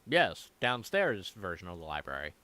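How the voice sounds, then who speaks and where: A man's voice: sits low, big pitch swings, moderate pace, pushed and bright. A man running a live tabletop game as game master, chatting casually with players and swearing often. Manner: casual, profane, laughing asides to players. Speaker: dungeon master.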